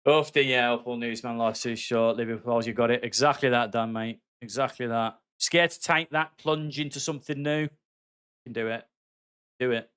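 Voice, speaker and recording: A man's voice: medium pitch, steady tone, moderate pace, a bit bright, clear, resonant tone. Chatty Black Country man streaming. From West Midlands, England. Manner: chatty, friendly, calls viewers mate. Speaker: game streamer. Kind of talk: casual live-stream chat while gaming.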